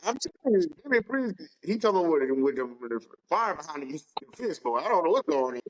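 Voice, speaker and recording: A man co-hosting a wrestling podcast, talking in slangy, animated casual chat and acting out his own reactions. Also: on the high side, brisk, lo-fi sound, slight background noise. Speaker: podcast co-host.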